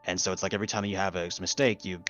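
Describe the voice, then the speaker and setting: A man's voice: low-pitched, flat delivery, rapid-fire, a bit bright, faint music behind. A man talking casually as a guest on a podcast, laughing often and swearing now and then. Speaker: guest voice actor.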